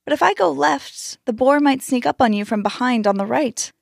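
A woman voicing a cautious, gentle male tortoise in a storybook tale, soft and hesitant. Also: high voice, moderate pace, creaky, no echo, studio quality. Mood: calm.

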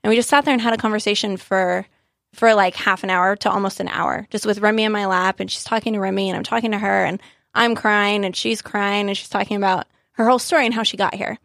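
An earnest woman in her thirties recounts a moving encounter, slipping into the voices of the people she met. Her voice has a gravelly fry, and the recording is dry and close, with no room sound. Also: mid-range voice, fairly even intonation, fast, fairly bright tone, dry recording. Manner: earnest, emotional retelling with quoted dialogue. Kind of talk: casual storytelling chat.

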